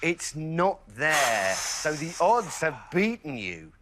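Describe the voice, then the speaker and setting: A man's voice: on the high side, very animated, takes it slowly. A man hosting a quiz show, jokey and encouraging, often laughing between questions. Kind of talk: upbeat game show hosting. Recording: studio with loud background music. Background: music.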